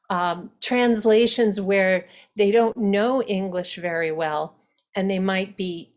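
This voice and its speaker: Chatty woman teaching a dialect workshop. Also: mid-range voice. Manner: chatty, self-correcting, acts out short accent samples. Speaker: dialect coach. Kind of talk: workshop lecture.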